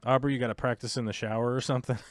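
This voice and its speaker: A man's voice: medium pitch, no echo. An American man hosting a livestream, chatting casually and rambling with lots of fillers as he reads viewer comments. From United States. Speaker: livestream host.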